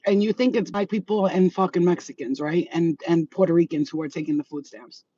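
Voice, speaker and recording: A woman's voice: lowish voice, fairly quick, mellow, breathy edge, lo-fi sound. A woman who works as a psychic medium, walking her neighborhood and ranting bluntly with plenty of swearing into a handheld phone. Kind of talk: ranting vlog. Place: outdoors in a residential neighborhood.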